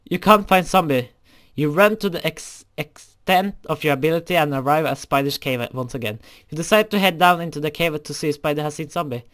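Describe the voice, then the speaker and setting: A man's voice: on the high side, fairly quick, a bit bright. Young man reading a fan story aloud. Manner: stumbling, self-correcting, laughs at the story.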